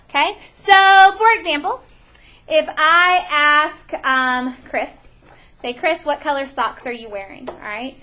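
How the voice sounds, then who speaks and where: Bright, high-voiced woman teaching a class. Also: lo-fi sound. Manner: animated, questioning the class. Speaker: math teacher. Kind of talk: classroom lesson.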